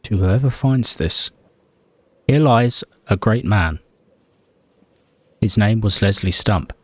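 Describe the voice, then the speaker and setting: A man's voice: on the low side, lively intonation, slow pace, no echo. A man reading as a grieving survivor. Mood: solemn. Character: grieving male survivor writing a grave note.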